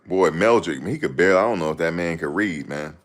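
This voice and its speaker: A man's voice: sits low, animated, fast. A man hosting a casual stream, reading and answering chat comments in a rambling, slangy way. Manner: rambling, slangy, laughs a lot.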